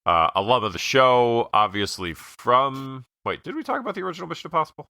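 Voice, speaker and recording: A man co-hosting a podcast, musing about a movie in a measured way with lots of fillers. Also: medium pitch, expressive, pushed and bright, no room sound, clean studio sound. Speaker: podcast co-host. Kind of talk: casual movie review chat.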